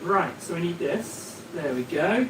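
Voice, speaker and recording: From his hobby desk at home, a male livestream host rambles and jokes straight to his viewers in a casual chat, talking directly to chat. His fairly high voice is animated but unhurried, over a noisy background.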